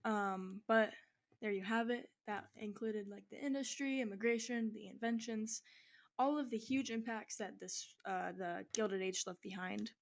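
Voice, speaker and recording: A woman's voice: mid-range voice, steady tone, a little slow, gravelly. A young woman giving a school history presentation, talking casually with many fillers and restarts. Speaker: student presenter. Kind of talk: informal class presentation.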